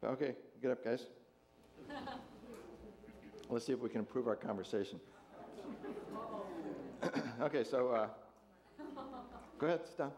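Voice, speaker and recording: Jovial man pastor, mid-pitched voice. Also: big pitch swings, takes it slowly, long pauses. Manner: jovial, chuckling, asks the congregation questions. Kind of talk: interactive sermon with volunteers.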